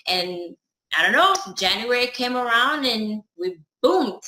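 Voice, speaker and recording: A woman's voice: a little high, expressive, measured pace, sharp tone, echoey room, slight background noise, low-quality recording. A woman chatting casually through a personal story, acting out the dialogue as she goes. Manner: chatty, acts out her own and others' dialogue.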